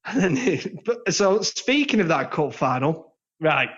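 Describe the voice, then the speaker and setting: A man's voice: high-pitched, sing-song, takes it slowly, fairly bright tone. An English man co-hosting a football podcast in casual, jokey chat. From England. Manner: chatty, jokey, trails into laughs. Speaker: podcast co-host. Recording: slightly dull lo-fi sound.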